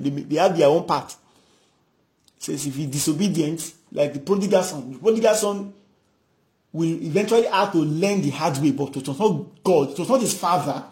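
A man's voice: high-pitched, a little mellow. Fervent preacher man, echoey room. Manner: fervent, repetitive, acts out dialogue. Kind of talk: sermon.

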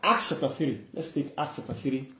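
A man's voice: mid-range voice, brisk, sharp tone, reverberant. A man preaching a fervent sermon, repeating phrases and acting out the voices in scripture stories. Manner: fervent, repetitive, acts out dialogue.

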